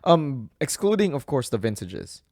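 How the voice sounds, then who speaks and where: A man co-hosting a casual podcast, excitable and quick to laugh. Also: medium pitch, no room sound, studio quality. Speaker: podcast co-host.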